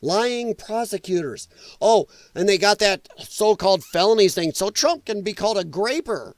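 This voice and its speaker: A man hosts a political livestream, delivering a heated, sarcastic rant full of mocking put-on voices while reading the live chat and talking with viewers. His voice sits high and sounds animated at a moderate pace, with no room sound.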